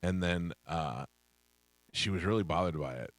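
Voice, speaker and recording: Deep-voiced male radio host. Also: normal speed, no echo. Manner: storytelling, acts out voices in anecdotes. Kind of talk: casual radio banter. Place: radio studio. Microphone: studio microphone.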